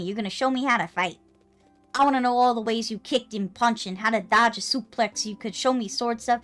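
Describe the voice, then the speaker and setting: A woman voicing an eager, hotheaded child who pleads excitedly to learn to fight. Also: a little high.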